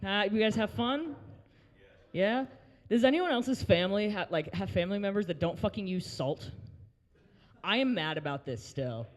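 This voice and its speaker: Young guy hosting open mic, slightly high voice, brash crude jokes, crowd work. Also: expressive, moderate pace, long reverb tail. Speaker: open mic host and comedian. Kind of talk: stand-up comedy set. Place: brewery taproom, live audience.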